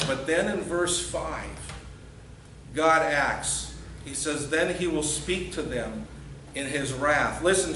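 High-voiced pastor preaching in a roomy hall. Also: male voice, fairly bright tone, a little hiss or hum. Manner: earnest, emphatic preaching with acted-out quotes. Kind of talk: sermon. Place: church sanctuary. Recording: echoey church hall, mic at a distance.

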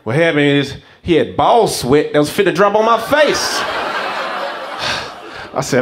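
Animated male stand-up comedian. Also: on the high side, a little slow, pauses often. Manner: animated storytelling, acts out characters. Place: comedy stage before a live audience.

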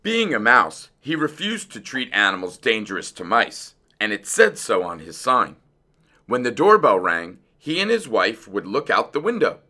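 A man reading a children's picture book aloud in an expressive, unhurried storytelling voice. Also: lowish voice.

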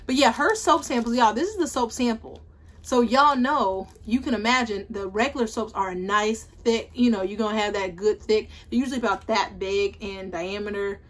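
A woman chatting casually to viewers in a beauty haul vlog, animated and talkative. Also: medium pitch, moderate pace. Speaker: beauty vlogger. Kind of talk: casual haul video chat. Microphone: ring light setup, camera at desk.

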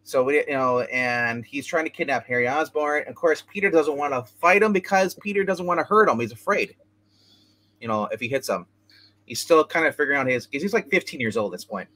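A man's voice: mid-range voice, expressive, a little fast, bright, forceful tone. A man hosting a casual chat show, rambling through a comic book review with many restarts and asides.

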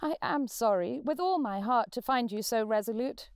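A woman reading aloud, voicing a cheerful, earnest young man who pleads kindly, higher than her own voice. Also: expressive, normal speed, clean tone, dry recording, clean studio sound. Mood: earnest pleading. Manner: pleading, warm-hearted.

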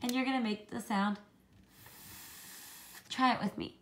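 A woman teaching a children's phonics lesson, slowly modelling letter sounds and encouraging the kids to copy her. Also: a little high, fairly even intonation, slight background noise.

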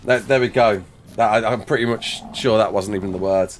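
A man's voice: fairly low pitch, steady tone, a little fast. A man streaming a game live, chatting and joking with viewers, laughing often, on a headset mic. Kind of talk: live gameplay chat.

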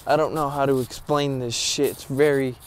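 A man's voice: medium pitch, steady tone, moderate pace, a little hiss or hum. A young man vlogging alone from a cemetery at night, nervous and rambling, swearing often and short of breath. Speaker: paranormal vlogger. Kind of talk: casual vlog talk to camera.

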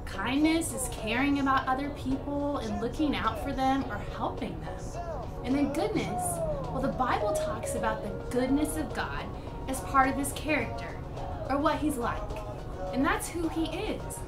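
A woman presenting a children's church lesson, talking in a lively, exaggerated storytelling way and acting out her frustration. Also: sits high, normal speed, distant mic, over music.

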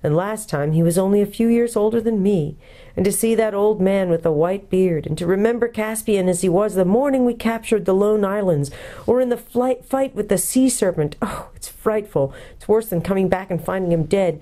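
A woman's voice: medium pitch, expressive, normal speed, dark tone, pitched above the performer's own voice, natural voice. A woman voicing a cross, complaining English schoolboy in a storybook reading. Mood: miserable.

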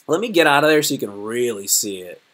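A man's voice: mid-range voice, lively intonation, quick pace, fairly bright tone. A man from Virginia chatting casually on a live stream, joking and rambling in a loose, slangy way. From Virginia, United States.

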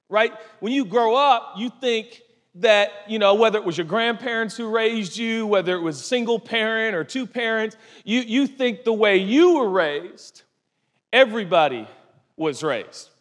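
A middle-aged man preaching a sermon, telling a story with lively acted-out voices. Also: sits high. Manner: animated storytelling, acting out quoted voices. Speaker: pastor. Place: large church hall. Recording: long reverb of a large hall.

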